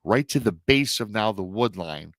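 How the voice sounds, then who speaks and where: Deep-voiced man retelling a listener's story. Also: expressive, moderate pace, fairly bright tone, dry recording, studio quality. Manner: dramatic retelling with emotional asides, swells and drops in volume. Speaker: host reading listener accounts. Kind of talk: storytelling podcast narration.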